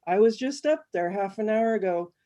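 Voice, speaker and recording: A weary, blunt man, read by a woman talks in a gruff, profane way. He sounds worn out and unimpressed. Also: medium pitch, lively intonation, moderate pace, mellow, lightly acted. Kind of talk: reading a story aloud.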